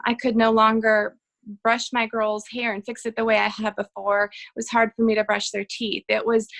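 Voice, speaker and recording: A woman in her thirties telling her own story in a casual interview, earnest and halting, with frequent ums and restarts. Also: fairly high pitch, vocal fry, fairly bright tone, rough recording. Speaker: guest sharing her health story.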